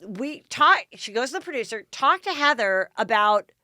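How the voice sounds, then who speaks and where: A middle-aged American woman hosts a casual chat podcast, spinning a long anecdote with lots of animated asides. Her voice is bright and clear, recorded close and dry with no room sound. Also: a little high, normal speed, dry recording. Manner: animated, dramatic retelling with quoted voices. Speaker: podcast host.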